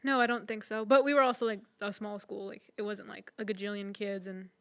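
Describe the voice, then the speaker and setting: A woman's voice: medium pitch, flat delivery, brisk, fairly bright tone, no room sound. A young woman co-hosting a podcast, rambling through stories in casual chat with lots of "like" and "um". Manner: chatty, rambling, full of "like" and "um". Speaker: podcast co-host.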